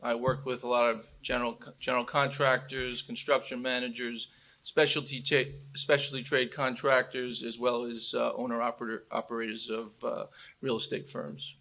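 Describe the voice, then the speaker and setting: A man in his fifties introducing himself as a panelist in a steady, businesslike way. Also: mid-range voice, normal speed, creaky. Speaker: panelist, accountant.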